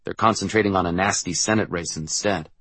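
A man narrating a first-person novel in a quiet, measured way. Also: deep voice, husky, dry recording. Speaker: audiobook narrator.

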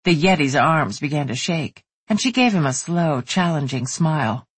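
A woman narrates an audiobook in an even, steady read. Her voice is husky and a little breathy, recorded close and dry with no room sound. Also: sits low, moderate pace, dry recording. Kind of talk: scripted narration.

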